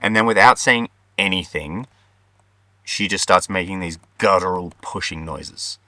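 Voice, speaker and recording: A young Australian man telling a personal story in an earnest, heartfelt way, with many pauses and ums. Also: low voice, sharp tone, dry recording. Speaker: vlogger co-host.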